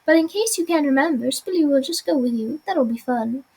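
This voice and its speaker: A woman voicing a cheerful little sewing creature with a squeaky voice, bubbly and talking about itself in the third person while reading game dialogue aloud. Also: lively intonation, a little fast, warm tone, low-quality recording. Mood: eager.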